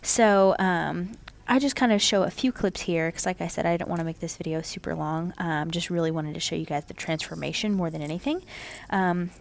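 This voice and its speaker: A woman casually narrating her home haircut video, chatty and relaxed, with lots of "um"s and "kinda"s. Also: fairly low pitch, fairly quick, gravelly.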